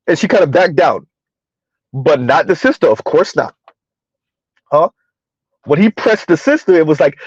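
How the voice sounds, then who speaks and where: A man's voice: on the high side, animated, normal speed, pauses often, breathy edge, no room sound. A man giving rambling, opinionated commentary, throwing rhetorical questions at his listeners. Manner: rambling, rhetorical, keeps asking "huh?". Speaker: commentary vlogger. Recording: dull lo-fi dry sound.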